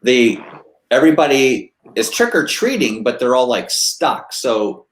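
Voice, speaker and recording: A man of middle pitch hosts a casual group chat. He thinks aloud in long, rambling sentences, and an echo hangs in the room around him. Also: very animated, measured pace.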